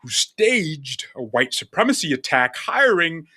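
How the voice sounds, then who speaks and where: Male commentary host, mocking and theatrical, bright dry voice. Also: a little high, sing-song, a little slow, breathy edge, dry recording. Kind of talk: sarcastic political commentary.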